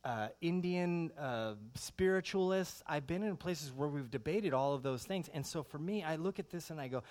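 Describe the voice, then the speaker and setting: Speaking at normal speed in a fairly high voice, this middle-aged pastor delivers an animated, conversational sermon packed with rhetorical questions.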